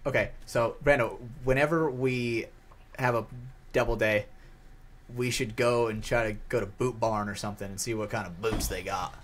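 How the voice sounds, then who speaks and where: A man's voice: on the low side, steady tone, normal speed, slight background noise. A man co-hosting a casual podcast, talking in a laid-back, rambling way and swearing casually. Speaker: podcast co-host. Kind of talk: casual chat.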